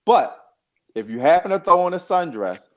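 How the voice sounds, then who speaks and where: A man co-hosting a podcast, telling dating stories in a rambling, profane, animated way. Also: high voice, moderate pace. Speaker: podcast co-host. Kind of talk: casual chat, storytelling.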